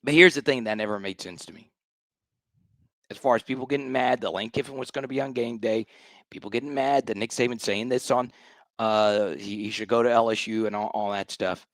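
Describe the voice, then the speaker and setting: A man's voice: medium pitch, fairly bright tone, no echo. A man hosting a sports talk show, ranting with emphatic, exasperated repetition.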